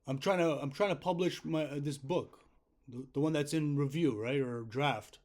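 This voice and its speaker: Frustrated man, high-pitched voice, insistent, complaining to support, keeps asking right. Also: moderate pace, a little mellow. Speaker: self-publishing author calling customer support. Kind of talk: complaint phone call.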